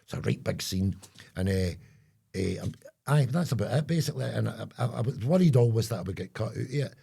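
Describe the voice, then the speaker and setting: A man's voice: fairly low pitch, expressive, fairly quick, creaky, dark tone, slightly rough. A Scottish man co-hosting a podcast, chatting casually and rambling, often trailing off mid-sentence while he hunts for words. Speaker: podcast co-host. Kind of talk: casual chat.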